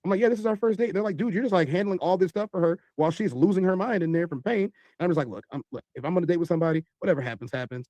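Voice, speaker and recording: Man, animated storyteller, quick delivery, dry sound. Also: sits high, no echo. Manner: lively, acts out other people's voices. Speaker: podcast host telling a story.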